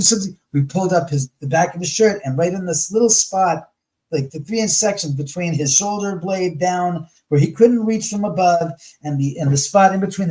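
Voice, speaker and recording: A man's voice: on the high side, a little mellow, rough recording. A man talking as a guest on a talk show, telling stories in a blunt, profane way and acting out the voices of the people he quotes. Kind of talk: casual storytelling in conversation.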